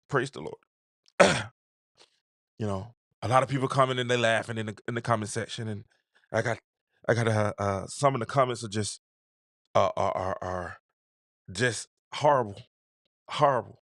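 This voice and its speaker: A man hosting a call-in sports talk show, talking in an animated, exasperated way and often repeating himself. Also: mid-range voice, moderate pace, long pauses, no echo, studio quality.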